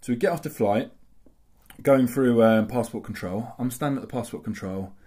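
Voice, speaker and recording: A man's voice: mid-range voice, moderate pace, crowd noise. A man co-hosting a podcast, telling casual stories, swearing freely and acting out the voices of the people he describes. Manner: swears freely and acts out quoted voices in anecdotes. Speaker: podcast co-host. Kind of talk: casual chat.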